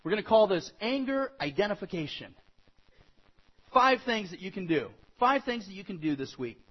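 A man preaching a sermon as pastor, animated and acting out quoted voices, with a husky voice. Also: high-pitched, normal speed, lo-fi sound.

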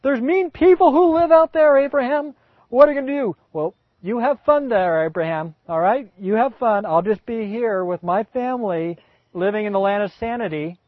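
A man's voice: extremely high pitch, normal speed, no echo, pitched above the performer's own voice. A man voicing Sarah, a fretful old woman who pleads and then turns sarcastic, in a dull, dry recording.

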